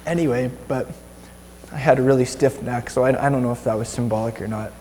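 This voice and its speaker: A man's voice: mid-range voice, steady tone, fairly quick, dark tone, big-room sound, slight background noise. A young Canadian man giving informal Bible teaching to a small group, chatty and rambling, with many restarts.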